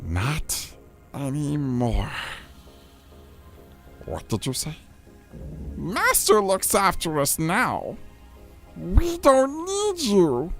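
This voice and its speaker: Gravelly, hissing creature that bickers with itself; very slow and jumpy in pitch, faint music behind. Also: male voice, wildly swooping pitch, fairly bright tone, full character voice. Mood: bickering, whiny. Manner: swings between whiny pleading and snarling. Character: wretched male creature arguing with himself. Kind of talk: impression for a game stream.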